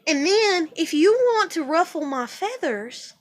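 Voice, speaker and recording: A woman with a high voice ranting straight into a personal vlog. She is blunt and swears freely. She sounds heated and passionate, and her speech rambles from point to point. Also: sing-song, measured pace. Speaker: vlogger.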